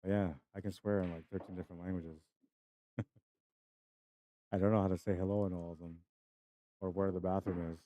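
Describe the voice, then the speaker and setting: A man's voice: deep voice, level tone, a little fast, pauses often. A young man giving casual live-stream commentary on a pool match, chatty and laughing as he greets viewers by name. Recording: dry, slightly dull stream audio.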